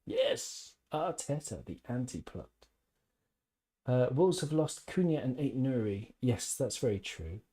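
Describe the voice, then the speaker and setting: Mellow, husky-voiced man rambling on a live stream. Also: mid-range voice, sing-song, a little slow. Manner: rambling, opinionated, jokey asides. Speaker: podcast host reading live chat. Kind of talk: casual live-stream chat.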